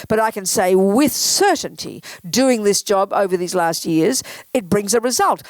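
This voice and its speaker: A woman's voice: mid-range voice, no echo. A woman giving a frank, emphatic Buddhist teaching in a casual, conversational way. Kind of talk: casual dharma talk.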